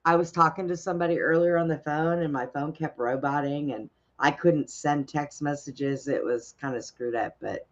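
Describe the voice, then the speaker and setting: A woman co-host chats and teases her partner through a casual livestream. Her voice sits at an ordinary pitch. It comes through dull and lo-fi, as on stream audio. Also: fairly even intonation, moderate pace, few pauses. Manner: chatty, laughing, teasing. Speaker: co-host of a daily news talk show.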